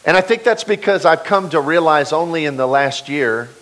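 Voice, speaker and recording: A man in his forties delivers a sermon in a high, lively voice that climbs and drops sharply. He stresses key words and repeats them for force, and he speaks into a clip-on mic. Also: moderate pace, low-quality recording. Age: 40s. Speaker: preacher.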